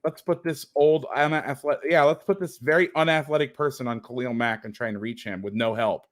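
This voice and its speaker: Sarcastic football coach breaking down film. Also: male voice, medium pitch, a little fast. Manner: sarcastic, exasperated.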